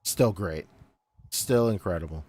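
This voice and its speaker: A man's voice: deep voice, unhurried, a little mellow. A man co-hosting a podcast in casual chat, laid-back, laughing often and repeating his praise. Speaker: podcast co-host.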